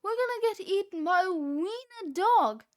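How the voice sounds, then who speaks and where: A woman reading aloud, voicing an excitable young boy who shrieks in panic. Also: extremely high pitch, slow pace, full character voice. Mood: panicked. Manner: shrieking, frantic.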